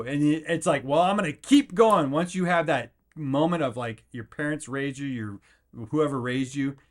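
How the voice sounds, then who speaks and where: A man at a middle pitch rants through a motivational podcast episode, piling up "like" and restarts as he goes. He keeps jumping into quick voices to act out other people and life itself. The delivery is loose, earnest and energetic. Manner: energetic, rambling, acts out quotes in jumpy voices; filler-heavy, with frequent restarts. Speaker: podcast host. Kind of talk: motivational rant.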